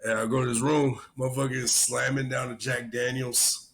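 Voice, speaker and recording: A man's voice: mid-range voice, moderate pace, slightly rough. Profane rambling male podcast host. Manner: profane, rambling, animated storyteller. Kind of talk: casual chat.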